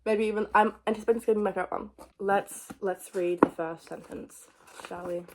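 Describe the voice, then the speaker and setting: A young adult woman chatting casually about books on her vlog, excitable and jumping between thoughts. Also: medium pitch, fairly quick, background noise. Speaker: book vlogger. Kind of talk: casual book chat.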